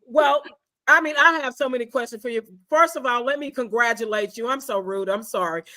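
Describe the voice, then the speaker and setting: Bright, high-voiced woman host. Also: brisk. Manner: chatty, effusive, says y'all. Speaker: talk show host. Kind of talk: casual interview.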